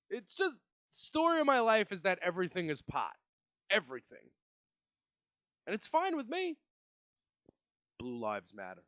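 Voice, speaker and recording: A man's voice: sits high, no echo, lo-fi sound. A young man from Brooklyn, hosting a solo podcast in a rambling, swearing rant full of restarts. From Brooklyn, New York. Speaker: podcast host. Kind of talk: casual solo podcast monologue.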